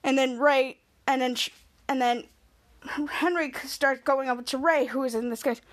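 A woman's voice: high voice, fairly even intonation, normal speed. A woman hosting a podcast, retelling a TV episode and acting out its scenes line by line. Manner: retells scenes and jumps into character lines. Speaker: podcast host.

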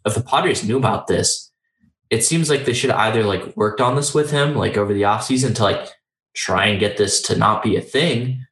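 A man's voice: lowish voice, moderate pace, fairly bright tone. A young man talking in a casual, rambling sports chat, full of fillers and restarts. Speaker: podcast co-host. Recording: roomy echoey recording.

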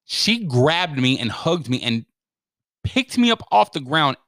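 A man's voice: a little high, a little slow, dry recording, clean studio sound. A man telling a funny story in casual chat, swearing and acting out what everyone said. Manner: animated, swearing storyteller who acts out quotes.

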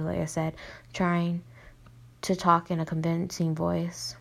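A woman's voice: fairly low pitch, monotone, slow, creaky. A young woman reading her own story aloud on a podcast, plainly and with small slips and restarts.

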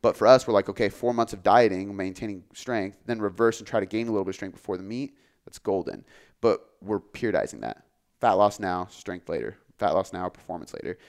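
Low-voiced man, casual coaching chat. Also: a little fast, clean tone. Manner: relaxed, filler-heavy, says "like" often. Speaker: fitness coach.

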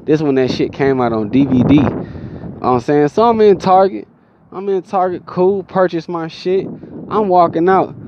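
A tired young man telling a profane, animated story in casual talk, inside a vehicle. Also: fairly high pitch, moderate pace, highs cut off, a little hiss or hum. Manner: profane, animated, mimics people in his stories.

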